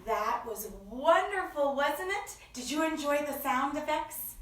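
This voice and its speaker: Slow, lively high-voiced woman reading aloud. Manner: expressive sing-song reading with gasps and acted character lines. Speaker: children's story time host. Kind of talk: reading picture books aloud to children. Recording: echoey room, from far off.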